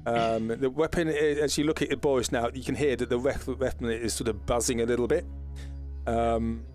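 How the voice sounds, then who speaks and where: A man's voice: mid-range voice, fairly even intonation, a little mellow. Hesitant male game master narrating the action over background music. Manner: halting, many ums, slow deliberate narration.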